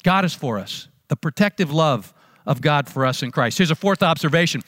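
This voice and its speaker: A man's voice: fairly high pitch, expressive, fairly quick, a bit bright, no echo, studio quality. A male pastor preaching a sermon in a conversational storytelling way, often repeating words as he goes.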